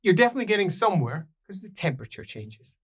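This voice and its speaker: A man's voice: high voice, quick pace. Give me a man narrating as game master, easy storytelling pace. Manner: storytelling, relaxed, clears throat often.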